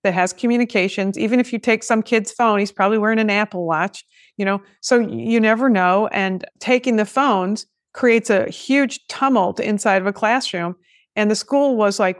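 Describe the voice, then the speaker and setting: A woman's voice: medium pitch, normal speed, no echo, studio quality. A woman hosting a podcast, talking in a chatty way with joking asides. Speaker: podcast host. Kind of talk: casual podcast conversation.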